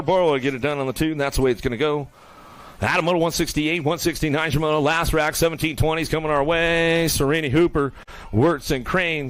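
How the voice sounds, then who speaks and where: A man calling live BMX races in rapid play-by-play, throwing out nicknames for riders and teasing them as they finish. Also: fairly high pitch, a bit bright. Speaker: race announcer. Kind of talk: live BMX race commentary. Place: outdoor BMX race track.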